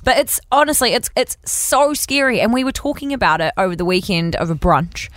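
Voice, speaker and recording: A woman's voice: a little high, a little fast, no echo. A woman with a New Zealand accent, co-hosting a casual radio show and telling stories in a chatty way, acting out the people she quotes. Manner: chatty storyteller, animated quoting. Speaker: radio host.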